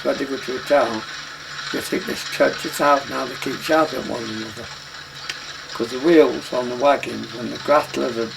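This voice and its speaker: A man's voice: mid-range voice, vocal fry. An older man, reminiscing in plain dialect about his travelling life in a loose, rambling way. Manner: plain dialect speech, loosely strung recollections. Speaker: interviewee recalling travelling life. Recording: noisy documentary recording.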